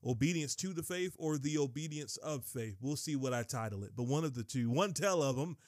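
Country nc guy doing a bible podcast, dry close sound, mid voice, quick asides then slow stressed reading. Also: mid-range voice, dry recording. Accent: Southern US, rural North Carolina. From Kinston, North Carolina, USA. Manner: lively, folksy, swings between fast asides and slow emphatic reading. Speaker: podcast host and Bible teacher. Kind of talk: casual Bible teaching podcast.

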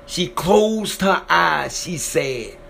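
Slow, gravelly high-voiced male storyteller. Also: lively intonation, a bit bright, a little hiss or hum. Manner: dramatic, repetitive, voice swells when emotional. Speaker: storyteller retelling an encounter. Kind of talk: emotional spoken storytelling.

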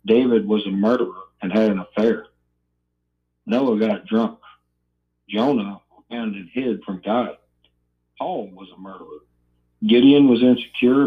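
A man calling into a podcast as a guest, his voice squeezed through a thin, tinny phone line. He speaks at a middle pitch and stops often with uhs as he gathers his words. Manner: hesitant, halting with many uhs. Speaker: guest chef. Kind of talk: casual podcast conversation.

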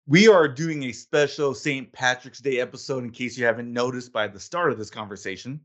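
A man hosting a whiskey podcast in casual chat, laid-back and quick to laugh. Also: mid-range voice, fairly bright tone. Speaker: podcast host.

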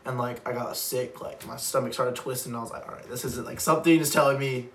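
A man's voice: mid-range voice, fairly even intonation, fast talker, a crowd in the background. A young man co-hosting a casual chat, telling a long rambling story with many "like"s and frequent laughs. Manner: rambling, laughs often, heavy use of "like". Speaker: podcast co-host. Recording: roomy, distant mic, faint background noise.

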